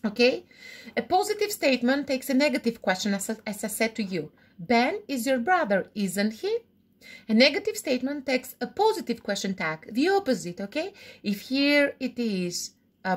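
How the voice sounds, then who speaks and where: In a recorded grammar lesson, an English teacher explains slowly, her fairly high voice rising and falling with liveliness. She repeats each example and often checks in with "okay?".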